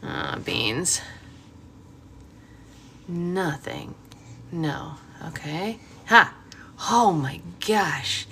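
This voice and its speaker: A woman's voice: low-pitched, big pitch swings, very slow, vocal fry, long pauses, bright, forceful tone, a little hiss or hum. A woman in her thirties chatting casually in a vlog as a mom, exclaiming and laughing at herself, switching to sing-song baby talk for her infant. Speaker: mom vlogger.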